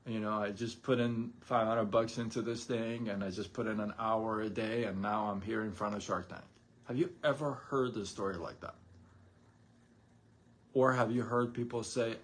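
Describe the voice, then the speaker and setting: A man's voice: lowish voice, steady tone, moderate pace. A man hosting a live stream on side gigs, talking casually and motivationally, firing off rhetorical questions and acting out imagined quotes.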